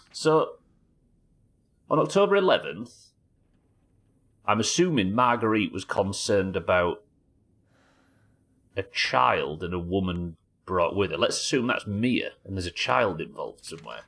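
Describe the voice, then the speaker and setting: A man's voice: sits low, big pitch swings, a little slow, vocal fry, long pauses, fairly bright tone. A British man commenting on a horror game as he plays it live, musing aloud, reading notes and chatting with viewers. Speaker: streamer.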